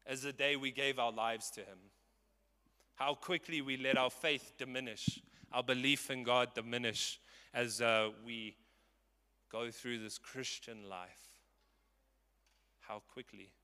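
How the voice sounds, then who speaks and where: A man's voice: medium pitch, pushed and bright, clear, resonant tone, in a large hall. A man in his twenties preaching a sermon with passion and emphasis. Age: 20s.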